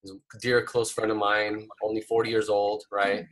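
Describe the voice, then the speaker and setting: A man's voice: fairly low pitch, monotone, moderate pace, a bit bright. A man hosting a coaching call, encouraging the participants and telling personal stories. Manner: encouraging, storytelling. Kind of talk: casual coaching talk.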